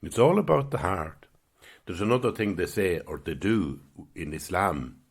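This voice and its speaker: A man hosting his own podcast, giving a gentle, musing spiritual talk at an unhurried pace. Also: low-pitched, expressive, breathy edge. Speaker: podcast host.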